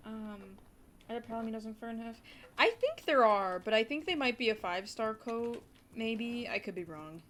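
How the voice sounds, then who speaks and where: A woman's voice: a little high, moderate pace, a little hiss or hum. Chatty young woman streaming a game. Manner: chatty, rambling, talks to chat, gushes with excited gasps. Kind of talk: casual livestream commentary.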